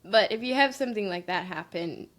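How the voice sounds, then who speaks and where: A woman hosting a casual interview, laughing often and chiming in with quick supportive replies. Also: medium pitch, lively intonation, fairly bright tone. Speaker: podcast host.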